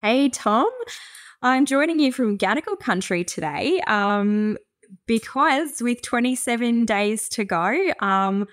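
A woman's voice: on the high side, expressive, dry recording, studio quality. Chatty Australian woman guest. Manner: chatty, with frequent fillers and quick laughs. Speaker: guest campaigner. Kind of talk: casual interview chat.

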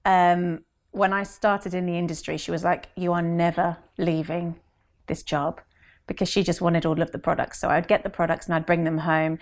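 Interview guest: woman, slightly low voice, chatty, acts out quotes. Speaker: guest, brand consultant. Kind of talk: conversational interview.

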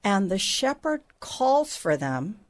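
A woman's voice: mid-range voice, big pitch swings, slow pace. A middle-aged woman teaching the Bible on a faith podcast, in a conversational way with asides and restarts.

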